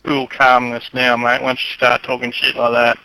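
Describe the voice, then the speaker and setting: A man's voice: mid-range voice, monotone, moderate pace, pushed and bright, dry recording, low-quality recording. A man in an online race chat, sarcastically accusing another driver. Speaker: rival sim racer. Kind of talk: in-game voice chat argument.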